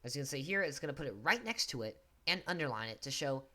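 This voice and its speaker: Keys clatter and mice click behind a man running a screen-recorded coding tutorial. He talks fast with few pauses in an animated, bright, forceful mid-range voice, staying casual and poking fun at himself as he types.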